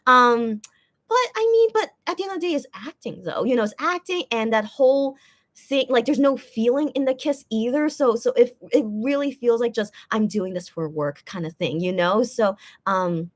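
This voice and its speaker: A woman's voice: mid-range voice, fairly bright tone. Rambling woman recapping a musical. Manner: rambling, many fillers and restarts. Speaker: musical theater fan reviewing a show. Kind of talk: casual spoken review.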